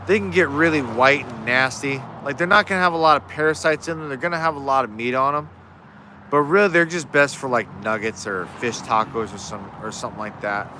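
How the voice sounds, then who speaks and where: A man's voice: mid-range voice, a little fast, background noise. A man hosting a casual fishing livestream from his yard, rambling through viewer questions with frequent restarts. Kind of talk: casual live Q&A chat.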